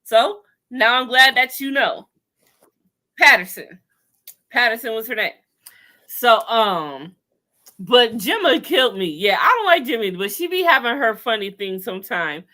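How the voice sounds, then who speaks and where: A woman hosting a casual chat over a video call, talking in an animated, sassy way with lots of slang and laughter. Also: a little high, measured pace. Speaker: podcast host recapping a TV show.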